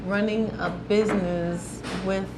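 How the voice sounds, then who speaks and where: A woman's voice: mid-range voice, fairly even intonation, measured pace. A woman co-hosting a live stream in a bubbly, giggly manner as she interviews her mother. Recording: noisy background.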